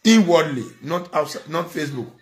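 A man's voice: on the high side, lively intonation, normal speed, soft background music. A middle-aged man with a Nigerian accent, giving a preachy, scolding monologue as a social media commentator. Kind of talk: impassioned monologue.

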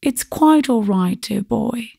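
A woman voicing a gentle, fussy middle-aged aunt in a storybook reading, speaking brightly. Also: fairly high pitch, expressive, slow pace, vocal fry, no echo, studio quality, heavily acted. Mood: coaxing.

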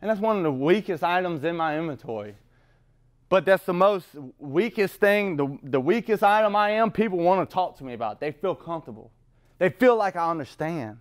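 A middle-aged man with a high voice and lively intonation talks fairly quickly at a recovery meeting. His profane, blunt talk rambles as he swears freely and laughs at himself.

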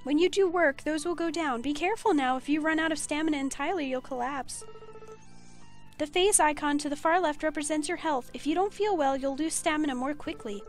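A woman voicing a kindly, doting old granny who talks in a high, sing-song, fussing way. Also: fairly quick, soft background music, close to an everyday voice.

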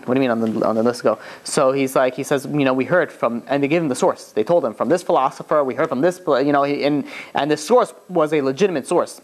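A man, a rabbi, telling a story in a loose, conversational lecture and acting out the characters' lines. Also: mid-range voice. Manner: lively retelling that acts out the characters' quoted lines; loose and conversational, often saying "you know".

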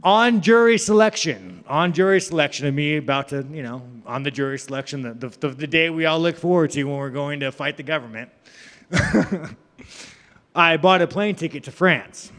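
A man's voice: on the high side, animated, normal speed, fairly bright tone, big-room sound. A man in his thirties telling a rambling, profane story to reporters, laughing between lines. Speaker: fighter at media day. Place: media day event hall.

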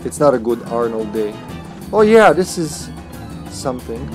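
Playful, lively-voiced male game streamer. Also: medium pitch, measured pace, music in the background. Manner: playful, joking, reads in-game lines aloud. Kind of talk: casual gameplay commentary.

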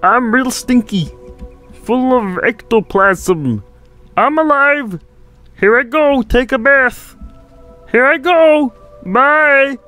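A man voicing a giddy, stinky townsman who has fled a ghost, in a high, squeaky, shouty put-on voice. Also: expressive, takes it slowly, long pauses, faint music behind, exaggerated voice.

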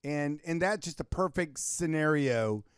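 A man co-hosting a podcast who keeps tossing in jokes and quick quips, his voice swinging widely in pitch. The sound is dry and close to the mic. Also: expressive, clean tone, no room sound. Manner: joking interjections, quick quips. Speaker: podcast co-host. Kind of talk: casual chat.

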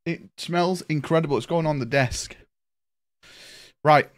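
A man's voice: a little high, unhurried. A man casually chatting and swearing while streaming a video game, calling his viewers "boys" and thanking them.

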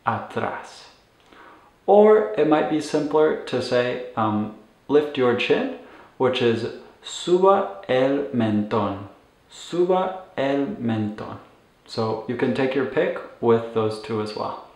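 A man teaching a language lesson for medical staff, patiently repeating each phrase slowly for learners. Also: medium pitch, roomy sound, poor audio. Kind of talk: instructional lesson.

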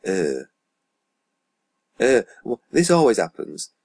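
This man's voice is on the low side, slow and creaky, a little mellow with a breathy edge, and it swings hugely in pitch. Playing a football management game as a YouTuber, he rambles through casual commentary, muttering asides and swearing under his breath while reading stats, all in a dry recording.

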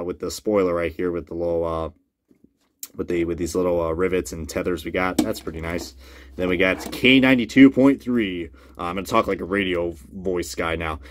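A man casually reviewing a collectible model car, chatty and swearing freely, often jumping into loud disbelief. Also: lowish voice, dry recording. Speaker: diecast reviewer.

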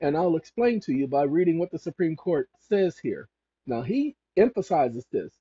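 A commentator reads passages aloud and breaks off again and again to repeat points and correct themselves. The voice is husky and mellow, and the pitch swings widely. It sounds dry and close, with a dull lo-fi tone. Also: big pitch swings, normal speed, no echo. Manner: emphatic and repetitive, corrects self mid-sentence. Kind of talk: rambling legal commentary reading aloud. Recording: dull lo-fi recording.

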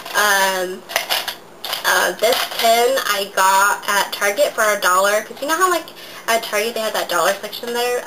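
A woman's voice: medium pitch, noisy background. A young woman vlogging a casual makeup tutorial, talking in a chatty, rambling way with lots of fillers, her voice nasal and stuffy from a cold. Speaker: beauty vlogger.

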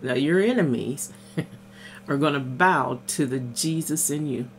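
In a deep, somewhat slow voice, a woman minister reads scripture over morning coffee and unpacks it in plain talk, often exclaiming amen and hallelujah. The casual devotional carries a little hiss or hum.

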